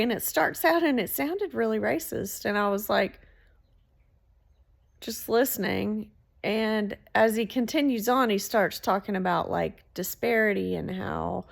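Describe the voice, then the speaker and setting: A woman telling a story in a casual, animated way, swearing freely. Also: medium pitch, gravelly. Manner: animated, swearing, laughs between lines.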